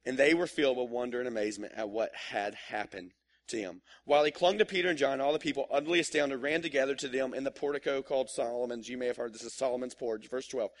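A man's voice: medium pitch, fast. A male pastor preaching a sermon in a casual, joking storytelling manner, acting out little asides.

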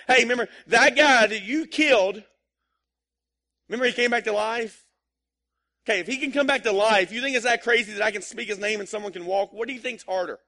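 A male preacher puts on a bold apostle who shouts taunting questions at a hostile crowd in a high, strained voice. He sounds exasperated and incredulous. Each line comes fast and mocking, as in a lively sermon retelling. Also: creaky, full character voice. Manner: loud, mocking, rapid rhetorical questions. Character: bold exasperated apostle Peter, grown man.

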